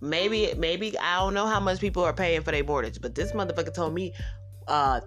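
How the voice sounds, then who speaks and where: A woman's voice: lowish voice, fairly quick, over music. Sassy laughing woman podcaster. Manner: animated, laughing often, acting out quotes in other voices; profane, sassy, addresses listeners as y'all. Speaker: podcast host. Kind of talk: casual storytelling monologue.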